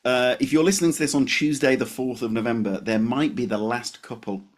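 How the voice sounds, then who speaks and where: A man co-hosting a podcast in casual chat, animated and quick to laugh at his own jokes. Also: medium pitch. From West Yorkshire, England. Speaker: podcast co-host.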